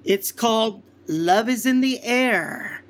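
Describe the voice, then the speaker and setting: A man's voice: very high-pitched, slow pace. A man from San Antonio, Texas, a celebrity impressionist, telling stories as an interview guest in a breezy, self-mocking way. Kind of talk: casual interview chat.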